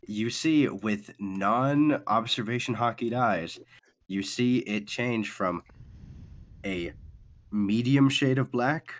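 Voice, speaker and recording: Low-voiced guy running a tabletop game, bright punchy tone, rambly and swears a lot. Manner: casual, rambling, profane. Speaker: game master.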